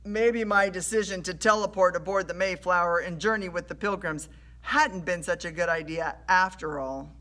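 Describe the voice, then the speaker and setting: Bright woman reading a story aloud. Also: fairly low pitch, moderate pace. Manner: animated storytelling narration. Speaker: storybook reader.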